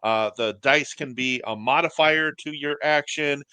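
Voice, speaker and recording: A man hosting a casual board game show over a video call, relaxed, explaining a game at length. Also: mid-range voice, measured pace, clean tone, no room sound. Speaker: host. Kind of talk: casual chat.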